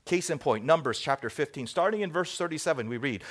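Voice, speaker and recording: Animated middle-aged male pastor preaching. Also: on the high side, quick pace, hardly any pauses. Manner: animated storytelling, acts out dialogue, drops to soft asides. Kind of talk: sermon.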